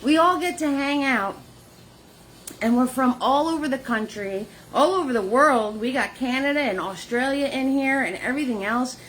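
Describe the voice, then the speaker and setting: A woman leading a live painting lesson, chatty and warm with viewers, greeting them by name in sing-song hellos. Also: high voice, normal speed, a little hiss or hum. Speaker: painting instructor.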